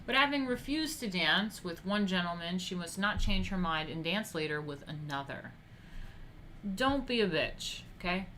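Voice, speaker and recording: A woman's voice: lowish voice, expressive, normal speed, pushed and bright, a little hiss or hum. Profane, chatty woman reading aloud. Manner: reads passages aloud then reacts with blunt, profane asides. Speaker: livestream host reading an etiquette book. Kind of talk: casual livestream commentary and reading aloud.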